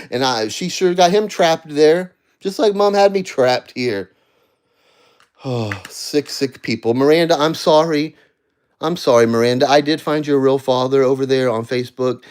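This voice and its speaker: A man ranting on a livestream from home, addressing absent people, swinging between heated shouting and low, tired muttering. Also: animated, unhurried, smooth. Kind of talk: angry livestream rant. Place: at home, seated.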